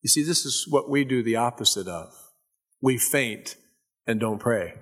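Fervent male preacher in mid-pitch. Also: animated, a little slow. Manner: rises to loud fervent emphasis, drops to soft asides; conversational storytelling asides. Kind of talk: sermon.

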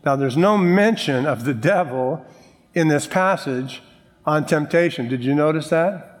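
A male pastor preaching a sermon, joking with the congregation and slowing down to stress key words. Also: on the high side. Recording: long reverb of a large hall.

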